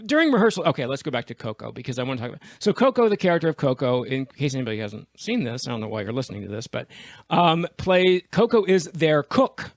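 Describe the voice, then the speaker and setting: A man's voice: mid-range voice, fast talker, no echo. A man co-hosting a podcast, chatting animatedly and laughing as he tells backstage stories. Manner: animated storyteller, laughs often, acts out quotes. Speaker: podcast co-host. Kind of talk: casual podcast chat.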